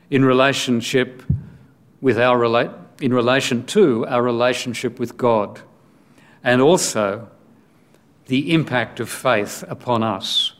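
Male preacher, unhurried sermon delivery, measured and questioning. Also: medium pitch, a bit bright. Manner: slow, deliberate, with rhetorical questions.

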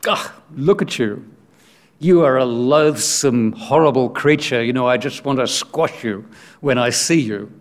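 Man reads a haughty, disgusted man in a parable, unhurried. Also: mid-range voice, fairly bright tone. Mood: scornful. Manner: scornful and haughty. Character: disgusted man sneering at a spider.

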